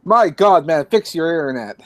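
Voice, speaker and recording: A man's voice: on the high side, animated, normal speed, no echo. A man joining a livestream chat, speaking hesitantly with repeated restarts.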